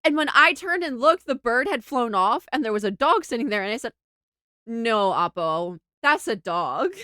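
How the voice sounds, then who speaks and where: A young woman streamer telling a funny travel story to her chat, animated and giggly, with lots of laughing and filler words. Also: high voice, brisk, no room sound, clean studio sound. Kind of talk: casual storytelling to a livestream chat.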